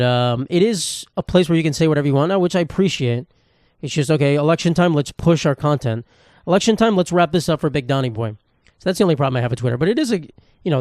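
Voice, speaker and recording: A man's voice: fairly high pitch, a little mellow, no echo, clean studio sound. A young man hosting a solo podcast from his apartment, rambling and swearing in a jokey way. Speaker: podcast host.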